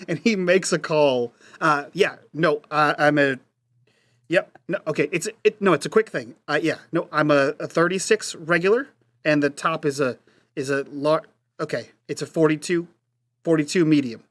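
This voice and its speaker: A man's voice: fairly high pitch, lively intonation, normal speed, no room sound. A man playing his character in a tabletop role-play, joking and rambling with many restarts. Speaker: player.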